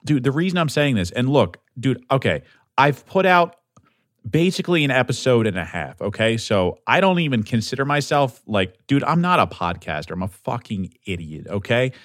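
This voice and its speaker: A man's voice: medium pitch, sing-song, normal speed, dry recording, studio quality. Rambling, profane young man podcasting solo. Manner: rambling and profane, lots of filler and restarts; pleading, earnest. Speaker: podcast host.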